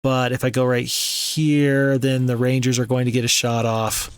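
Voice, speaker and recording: A man hosting a let's play, commenting on a strategy game in a relaxed, rambling, self-amused way. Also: mid-range voice, normal speed, clear, resonant tone. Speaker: gaming channel host.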